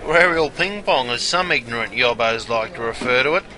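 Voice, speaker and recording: A man's voice: mid-range voice, animated, a little fast, a crowd in the background, natural voice. A man playing a matey Aussie barman. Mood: chummy. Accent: Australian. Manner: slangy, matey, folksy banter. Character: brash, chummy Aussie barman, grown man. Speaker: pub barman guide. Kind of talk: scripted character narration.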